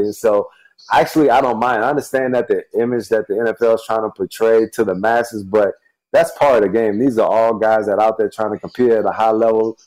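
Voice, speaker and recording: A man with a lowish voice talks in a relaxed, rambling way, full of "like" and fillers. He is a former football player sharing his view on a sports show. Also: low-quality recording. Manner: relaxed, filler-heavy storytelling. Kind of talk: casual sports talk.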